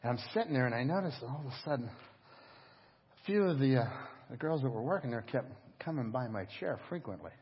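A middle-aged man preaching a sermon as pastor, telling stories in an animated, conversational way. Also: mid-range voice, a little fast, a little hiss or hum. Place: church service. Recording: dull echoing church hall audio.

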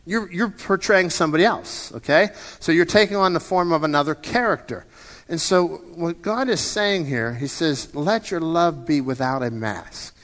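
Male pastor in his fifties, sermon, fairly high voice, chatty delivery with restarts, long church-hall reverb. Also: expressive, moderate pace, a bit bright. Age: 50s. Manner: conversational, often repeats and restarts words.

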